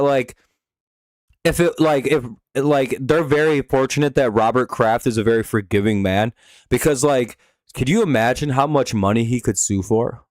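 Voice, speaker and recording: A man's voice: medium pitch, no room sound, clean studio sound. A man hosting a casual live stream, talking in a rambling, profane way with lots of fillers and restarts.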